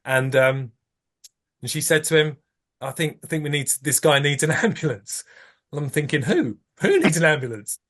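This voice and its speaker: A man in his thirties tells a story as a podcast guest, acting out what he and others said. His voice sits a little high, with lively swings. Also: moderate pace, long pauses. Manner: animated storyteller, acts out his own lines. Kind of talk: anecdote in casual chat.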